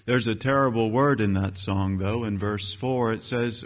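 A male pastor delivers an emphatic sermon at a normal pace with few pauses, his voice leaping higher and louder on key phrases and scripture quotes. A long hall reverb surrounds the recording.

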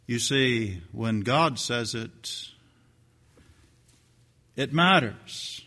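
An older man preaching a sermon, swinging from hushed, slow lines to loud, shouted ones. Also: medium pitch, expressive, long reverb tail.

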